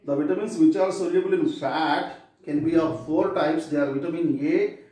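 A man's voice: fairly high pitch, normal speed, mellow. A male teacher going through exam answers methodically, spelling words out letter by letter. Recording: echoey room, voice far from mic.

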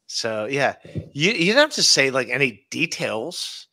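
A man's voice: medium pitch, very animated, measured pace, bright, forceful tone. A young man in casual live-show banter, pushy and swearing, laughing between lines. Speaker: show regular.

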